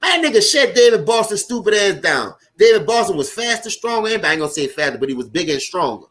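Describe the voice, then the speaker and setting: A man with a New Orleans accent, hosting a casual live sports stream, talking loud and profane and chatting with his viewers as he reacts to the game. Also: high voice, big pitch swings, quick pace. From Louisiana.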